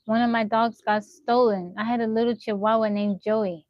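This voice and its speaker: A young woman live-streams on her phone, chatting and spinning animated stories for her viewers. The sound is dry and close with a slightly dull, muffled top end. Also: fairly high pitch, normal speed, no echo. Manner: animated storytelling, laughing often, talking to chat. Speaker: livestreamer. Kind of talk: casual live-stream chat.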